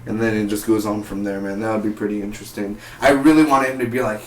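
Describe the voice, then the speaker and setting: Casual vlog reviewer, young man, animated and rambling, roomy distant sound. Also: fairly low pitch, quick pace. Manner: rambling, animated, acts out characters' lines. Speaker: TV episode reviewer. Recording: echoey room, distant mic, faint hum.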